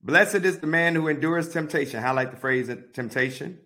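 A man teaching a Bible study, reading verses aloud and pausing to give deliberate, repeated marking instructions. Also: fairly high pitch, sharp tone. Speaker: pastor.

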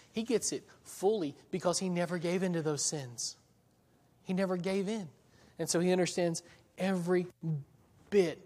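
A man preaches a sermon with an earnest, searching delivery, often pausing and doubling back on words as he builds toward a point. His voice sits a little higher than most men's. It rings out with a long reverb, as if in a church sanctuary. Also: darkish tone.

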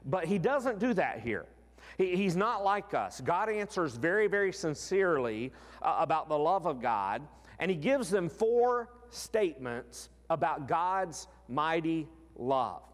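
Man, preacher, sermon, animated delivery, emphatic slowdowns, long hall reverb. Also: a little high. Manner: expressive, slows down for emphasis.

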